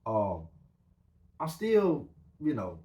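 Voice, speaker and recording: A man hosting a podcast, telling a story in a casual, animated way, full of fillers. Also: on the low side, very slow. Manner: animated, rambling with many fillers. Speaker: podcast host. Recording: roomy echo.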